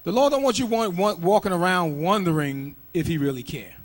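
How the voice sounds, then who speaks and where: A man with a high voice preaches a sermon emphatically, quick to break into shouting. He fires off rhetorical questions, calls for scripture reading, and leads the congregation in call-and-response.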